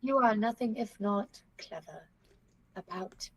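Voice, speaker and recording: An earnest young woman who is worried about her family, played by a woman in a tabletop game. Her voice is husky and a little breathy, and she talks hesitantly, restarting and trailing off as she goes. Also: medium pitch, expressive, measured pace, dry recording. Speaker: player voicing a young grandchild character. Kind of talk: in-character tabletop role-play.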